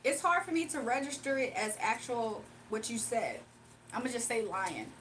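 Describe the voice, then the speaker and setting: A high-pitched woman chats with her livestream viewers in a loose, animated way, laughing often as she talks. She sits a little back from the mic, and a faint hum of noise runs under her voice. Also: normal speed, recorded from a distance, poor audio. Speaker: livestream host. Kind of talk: casual livestream chat.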